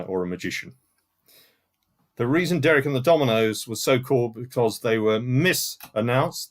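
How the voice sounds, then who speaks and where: A man hosting a live-streamed music quiz from home, reading out answers and scores with dry joking asides. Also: mid-range voice. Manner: chatty, with asides and dry jokes. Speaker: quiz host. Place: home room in front of a CD collection.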